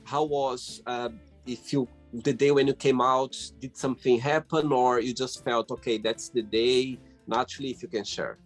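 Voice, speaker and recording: A man's voice: medium pitch, fairly even intonation. Effusive male interview host. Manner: warm, effusive reactions, halting phrasing. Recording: faint guitar music underneath.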